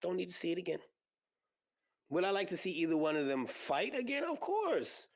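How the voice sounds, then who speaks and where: Male podcast host, casual and animated, bouncy pitch, lots of filler words. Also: normal speed. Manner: animated, rambling, frequent fillers and exclamations. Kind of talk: casual solo podcast chat about combat sports. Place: podcast studio.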